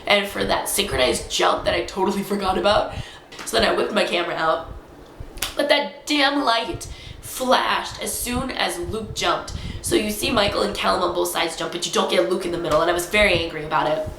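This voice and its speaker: A young adult woman vlogging, rambling excitedly in a casual chatty recap full of fillers. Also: mid-range voice, moderate pace, vocal fry, slight background noise. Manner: excitable, rambling fangirl storytelling with many fillers. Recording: roomy echo.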